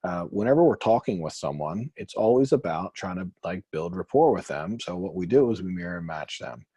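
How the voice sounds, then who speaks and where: A man coaching a group call, chatty and quick, acting out short quotes as he explains. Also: deep voice, expressive, mellow, slightly rough, no echo. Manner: fast, chatty, acts out quotes.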